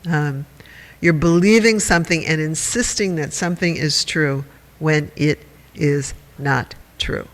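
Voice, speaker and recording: A man with a high voice gives a meditation talk in a wry, chatty way, joking at his own expense and turning to his listeners. His voice carries a long reverb from the hall. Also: a bit bright. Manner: conversational, wry and self-mocking, with audience asides. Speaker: meditation teacher. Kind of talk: dharma talk to a group.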